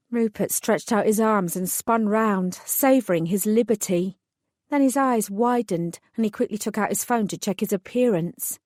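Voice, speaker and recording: A woman's voice: mid-range voice, moderate pace, darkish tone, dry recording. A woman narrating a first-person fantasy audiobook in a dry, composed way.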